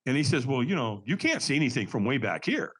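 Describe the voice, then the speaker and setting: A husky, fairly bright mid-range voice carries this firewalking instructor's quick, very animated storytelling on a podcast. As a guest, he acts out quotes in changing voices and calls the host Doc.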